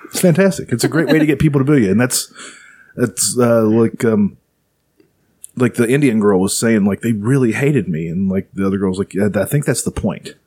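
A young man with a fairly low voice co-hosts a casual podcast chat. He tells loose, profane stories and keeps dropping into quick quoted voices. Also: darkish tone, husky. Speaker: podcast co-host.

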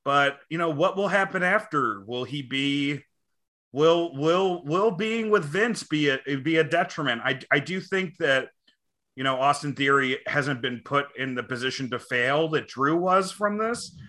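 A man's voice: on the high side, measured pace, pushed and bright. A man hosting a podcast who speaks hesitantly, stumbling and repeating words before passing the question on. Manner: hesitant, stammering. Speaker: podcast host. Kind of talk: casual podcast chat.

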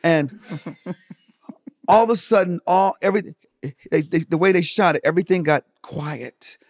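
Gravelly, animated man telling golf stories. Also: high voice, moderate pace. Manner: animated, profane storyteller acting out quotes. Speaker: podcast guest, comedian. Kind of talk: casual storytelling chat.

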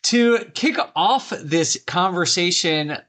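A man's voice: sits high, animated, slow pace, a bit bright. A man hosting a podcast interview, speaking in an upbeat, friendly way into a studio microphone. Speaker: podcast host.

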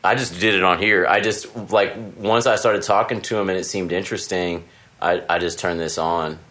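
A man with a low voice hosts a relaxed conversation in a hotel room. He rambles through stories and acts out both sides of phone calls. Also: normal speed. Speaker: podcast host. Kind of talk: casual chat.

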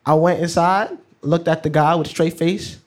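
A teenage boy tells a story from his own life on stage. His voice sits a bit higher than most men's, and he talks in a loose, slangy way, often laughing along with his own words. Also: steady tone, moderate pace. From New York. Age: teens. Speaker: student storyteller. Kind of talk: live personal storytelling.

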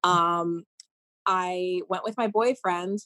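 A woman in her thirties from Maine, a Broadway performer talking in a casual interview, telling stories in an effusive, animated way. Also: lowish voice, slow. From Maine, USA. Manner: effusive, animated storytelling with lots of "like".

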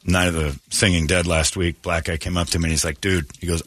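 Man, radio host, husky, dry studio sound, crude joking, rambling casual chat. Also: low voice, little pitch movement, fast, a bit bright, no room sound.

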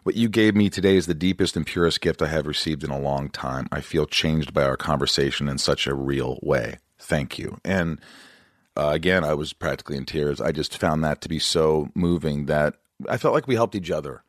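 A man hosting a podcast interview, talking in an animated, joking and teasing way. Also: very deep voice, brisk, no echo, clean studio sound. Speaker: podcast host. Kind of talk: casual interview chat.

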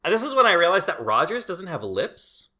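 A man's voice: high voice, normal speed, a loud crowd. A man co-hosting a casual movie review podcast, ranting and swearing a lot. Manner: profane, ranting, animated. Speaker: podcast co-host.

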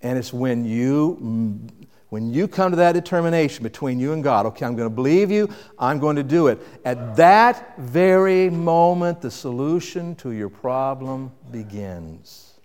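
A man preaching a sermon with dynamic delivery, rising to loud emphasis and dropping to quiet reflection. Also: mid-range voice, expressive, unhurried, in a large hall. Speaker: pastor.

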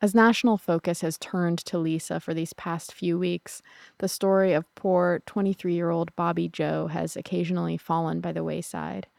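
A woman narrating a true crime podcast in a somber, measured way. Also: lowish voice, steady tone, gravelly, darkish tone, no echo, studio quality.

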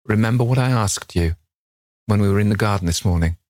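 An earnest, anxious painter who pleads with quiet devotion, as a man reading puts him on. He sounds deep-voiced and close in a dry recording. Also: a little fast, no echo, close to an everyday voice.

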